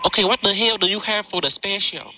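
A man's voice: high voice, animated, fast talker, pushed and bright, heavily acted. A man voicing a bossy, vulgar prank caller who orders food over the phone in mangled English and taunts the person on the line. He is heard on a recorded phone call with noise behind him. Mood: mocking. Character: rude caller in broken English, crude and bossy.

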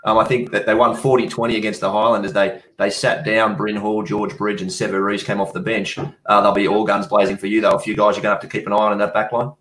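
A quick-talking man hosting a live sports show, his voice sitting a little low. He runs the segments and chats with his guests over a home camera link. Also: little pitch movement, a bit bright, a little hiss or hum. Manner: quick, chatty, steers the segments. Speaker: show host.

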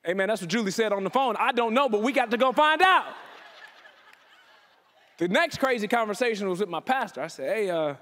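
A man giving a storytelling keynote talk, animated and casual, acting out dialogue with quick shifts of voice. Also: sits high. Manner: casual, slangy phrasing. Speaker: keynote speaker.

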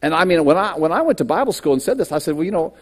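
A man's voice: on the high side, big pitch swings, racing. A man preaching a sermon as a pastor, acting out quoted lines and self-doubt, with stammered restarts. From United States. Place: church sanctuary.

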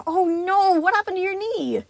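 A jittery male animatronic daycare attendant, put on by a woman reading a story aloud. He stammers and apologizes in a rush, his voice pitched high and pushed loud. Overeager and nervous, he never quite settles down. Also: normal speed, creaky, dry recording. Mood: apologetic. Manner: stammering, frantic and overly eager.

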